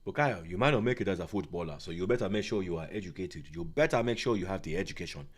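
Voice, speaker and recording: A man's voice: sits low, animated, fast, pitched below the performer's own voice. A man voicing a stern African parent who lectures a child about school. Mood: lecturing. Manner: dismissive, lecturing.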